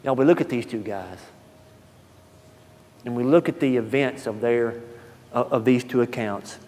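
A man preaching a sermon, telling a story in a folksy, animated way that swings from hushed asides to loud, emphatic quotes. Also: mid-range voice, normal speed. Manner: folksy, repeats words at the start of phrases. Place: church sanctuary. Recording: long church-hall reverb.

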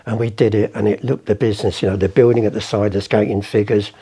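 A man with a lowish, warm, slightly rough voice speaks quickly with a flat delivery. As a podcast guest sharing casual anecdotes, he rambles, swears, and acts out the people in his stories.

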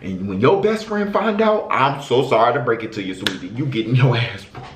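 A man reading out viewer confessions in a casual reaction vlog, blunt and profane, jumping between squealed outbursts and low mutters. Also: lively intonation, fairly quick, echoey room, a little hiss or hum.

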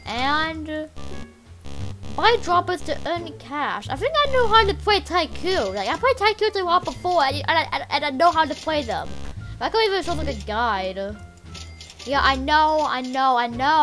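A woman casually commenting while playing a game, rambling and excitable with lots of filler words. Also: high voice. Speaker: gameplay channel host.

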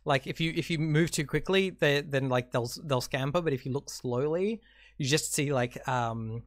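A man narrating as game master, halting and full of fillers and restarts. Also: medium pitch, dry recording, clean studio sound.

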